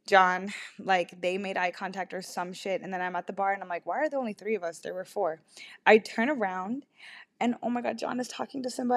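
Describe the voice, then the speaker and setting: A young woman hosting a podcast, telling a rambling, self-deprecating story in casual confessional talk, full of "like" and swearing. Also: medium pitch. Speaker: podcast host.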